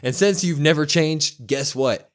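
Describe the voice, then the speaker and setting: A man co-hosting a podcast, excitedly retelling a show and acting out the quotes. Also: on the high side, measured pace. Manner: animated storytelling, acts out quotes with loud whoops. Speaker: wrestling podcast co-host. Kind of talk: excited casual recap.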